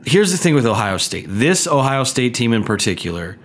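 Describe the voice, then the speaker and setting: A man's voice: mid-range voice, sing-song, brisk. A man hosting a solo sports podcast, talking casually with fillers and restarts, his voice nasal and stuffy from a cold. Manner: conversational, frequent fillers and restarts. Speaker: podcast host.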